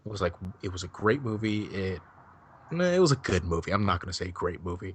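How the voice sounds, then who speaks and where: A man's voice: low voice, big pitch swings, fairly quick, breathy edge. A man chatting casually on a podcast, rambling loosely and swearing freely as he gives his take on a film. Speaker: podcast co-host. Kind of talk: casual chat.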